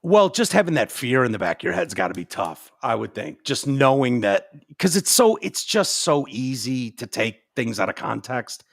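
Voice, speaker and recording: A man hosting a casual podcast chat, with a gravelly, strained voice, agreeable and chiming in often. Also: medium pitch, sing-song, normal speed, hardly any pauses, no echo. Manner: agreeable, frequent backchannel.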